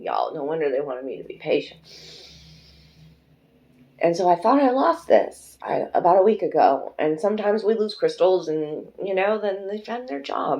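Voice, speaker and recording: A woman's voice: on the low side, darkish tone, highs cut off. A woman doing a pick-a-card tarot reading, chatty and emotional, who swears freely and speaks fondly to her viewers. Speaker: tarot reader.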